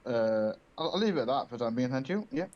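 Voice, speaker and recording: A man playing a tabletop game, describing his turn in a deliberate, halting way with many pauses. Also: mid-range voice, sing-song, a little mellow, lo-fi sound. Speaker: player.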